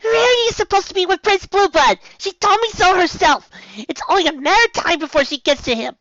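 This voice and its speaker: A woman voicing a heartbroken young girl pony who squeaks and cries in a very high voice. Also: brisk, fairly bright tone, dry recording, lo-fi sound. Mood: indignant. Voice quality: very high, squeaky and cracking with tears.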